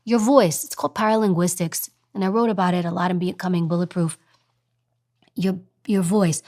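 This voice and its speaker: A woman's voice: lowish voice, fairly quick, a little mellow. A woman guest in an interview, a former agent now on TV news, talking emphatically and acting out voices as examples. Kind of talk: interview advice talk.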